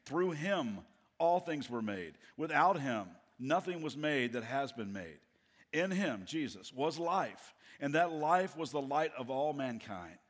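A middle-aged man preaching a sermon as a guest pastor, telling stories in an animated way with playful asides. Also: on the high side, a little slow. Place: church auditorium. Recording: long reverb of a large hall.

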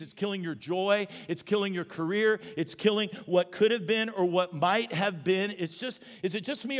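A man with a high-pitched voice preaches to a church congregation in a lively, conversational manner and slips in jokes. His voice rings with the long reverb of a large hall. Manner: animated, conversational preaching with humor. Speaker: pastor. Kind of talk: sermon. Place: church auditorium.

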